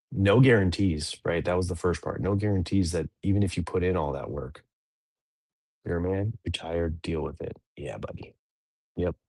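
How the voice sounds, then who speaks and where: A man's voice: sits low, darkish tone, dry recording. A man in his thirties hosting a dads' podcast, talking through a daily reading in a rambling, self-correcting way. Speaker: podcast host. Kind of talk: casual reflective chat.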